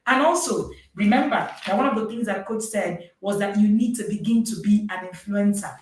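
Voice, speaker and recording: A woman's voice: mid-range voice, brisk, distant mic. Emphatic woman, echoey room. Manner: emphatic, repeats herself for stress. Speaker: parenting course host. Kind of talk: live-streamed course talk.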